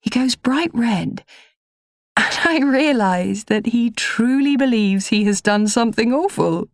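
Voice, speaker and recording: Slow, measured woman narrating. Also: on the high side, animated, no room sound, clean studio sound. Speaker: audiobook narrator. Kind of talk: first-person audiobook narration.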